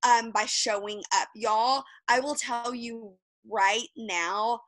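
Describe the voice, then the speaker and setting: Woman, guest speaker, candid and fired up, video call, somewhat high voice. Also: fairly even intonation, slow, fairly bright tone, no room sound. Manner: fired-up, candid, swears freely. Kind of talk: motivational pep talk on a video call.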